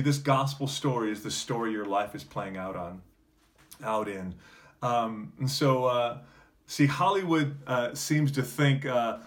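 A man preaching a sermon as pastor, earnest, with frequent fillers and restarts, building to emphatic peaks before dropping to a quiet close. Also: mid-range voice.

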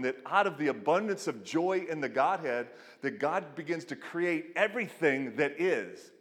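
Middle-aged male pastor, animated sermon, hall reverb. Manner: animated storytelling, acts out quotes with big pitch jumps.

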